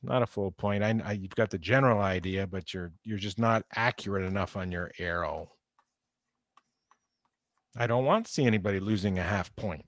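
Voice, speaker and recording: Speaking at a moderate pace in a voice on the low side, this man teaches chemistry online in a conversational style, going back over key points and emphasizing warnings. His computer microphone picks him up with no echo as he joins a video call from home or an office.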